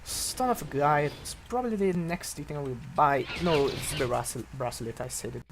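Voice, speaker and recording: A man giving let's-play commentary on a game, breaking into excited, swearing outbursts at the action. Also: a little high, a little fast, background noise. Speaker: gameplay commentator.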